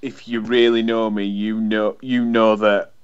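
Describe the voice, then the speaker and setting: A man's voice: lowish voice, level tone, measured pace, clear, resonant tone. A man, co-hosting a podcast in rambling, sweary casual chat full of restarts. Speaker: podcast co-host. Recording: dull lo-fi sound.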